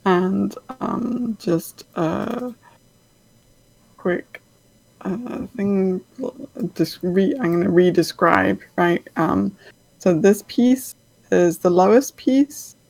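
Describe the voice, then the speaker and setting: A woman narrating as game master of a tabletop game, unhurried and hesitant, often pausing on fillers. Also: mid-range voice, gravelly, darkish tone, dry recording, rough recording.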